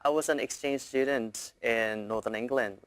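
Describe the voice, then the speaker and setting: A man's voice: mid-range voice, normal speed, a little hiss or hum. Man chatting as a TV guest. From South Korea. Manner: chatty, many fillers, slips into imitated British accents. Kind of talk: casual interview chat. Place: TV studio.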